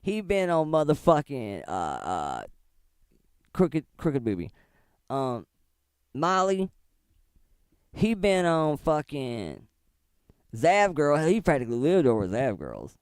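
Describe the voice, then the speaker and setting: A man's voice: a little high, huge pitch swings, slow pace, long pauses, clear, resonant tone, dry recording, studio quality. A middle-aged man giving casual, profane commentary on online drama, rambling and laughing often as he talks. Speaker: commentary streamer.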